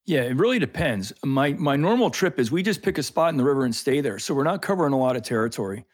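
A man's voice: medium pitch, fast, no room sound. A man in a mid register talks eagerly about fish and streams, leaning on little fillers as he explains. The sound is dry and close, with no room around it. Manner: animated, explains with lots of fillers. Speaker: freshwater snorkeling guide. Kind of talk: enthusiastic explanatory interview talk.

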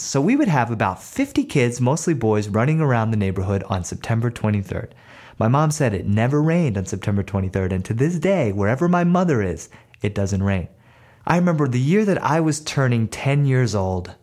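A man telling a family story from his childhood, acting out the voices of his family. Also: mid-range voice. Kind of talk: personal storytelling.

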